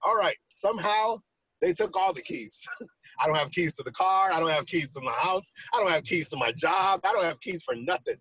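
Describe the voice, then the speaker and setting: A man casually telling a personal story on a talk show, animated and acting out the quoted lines. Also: high-pitched, moderate pace, slightly rough, no room sound, dull audio. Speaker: podcast co-host.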